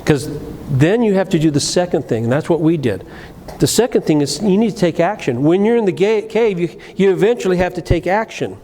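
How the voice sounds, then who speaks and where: Middle-aged pastor preaching in a church. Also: male voice, expressive, brisk, hardly any pauses. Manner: storytelling, swings between loud emphasis and low quiet asides, frequent restarts. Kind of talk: sermon. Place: church sanctuary. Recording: live church recording with long reverb and faint room noise.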